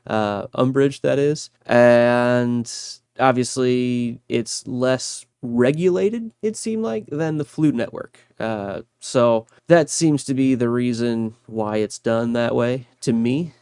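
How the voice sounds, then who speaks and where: A man's voice: mid-range voice, slow, few pauses, darkish tone, clean tone, no room sound. A man co-hosting a book podcast in casual chat, thoughtful and laughing often. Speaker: podcast co-host.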